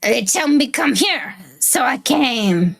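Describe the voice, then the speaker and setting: Brief: eerie female visitor, halting speech, deadpan as a woman voices her. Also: high voice, gravelly, heavily acted. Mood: flat. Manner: slow, broken English, curt and flat. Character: strange woman claiming to dance ballet.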